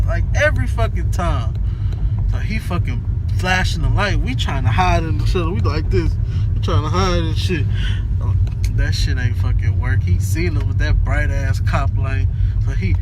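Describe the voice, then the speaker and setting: A young man with a slightly high voice tells a story in loose, profane slang, jumping into the others' lines as he goes. He records outdoors, and street and car noise runs clearly under him. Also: normal speed. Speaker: vlogger telling a story. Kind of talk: casual storytelling.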